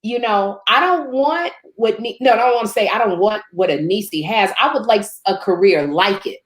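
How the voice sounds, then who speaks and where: A woman from Chicago, a guest telling lively stories in casual chat, laughing and acting out quotes. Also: moderate pace. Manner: animated, laughs often, acts out quotes in higher voice. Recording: roomy echo.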